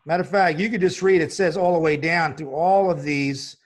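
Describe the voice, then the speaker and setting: A man's voice: a little high, steady tone, a little fast. A man hosting a religious broadcast, talking in an earnest, emphatic way with frequent fillers and restarts. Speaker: host.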